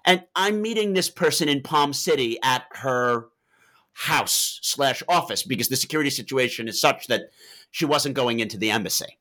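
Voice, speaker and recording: A man interviewed as an author, explaining at length and telling lively anecdotes in a digressive way. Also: medium pitch, moderate pace.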